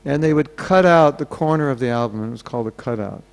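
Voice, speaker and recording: A man preaches in a gravelly, creaky voice. His pitch sits in the ordinary middle range for a man. He tells a story and slips into the voices of the people in it. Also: quick pace. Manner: storytelling, acting out quoted voices. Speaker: temple speaker. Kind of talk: sermon.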